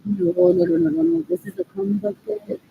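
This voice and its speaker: A woman's voice: very high-pitched, steady tone, normal speed, creaky, phone-quality sound, slight background noise. A woman talking in a rambling monologue, repeating phrases again and again and switching between English and Spanish.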